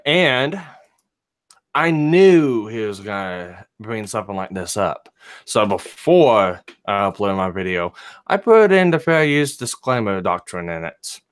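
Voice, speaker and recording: Man with a smooth, dry voice. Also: lowish voice, lively intonation, unhurried, no room sound. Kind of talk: reading a legal disclaimer aloud.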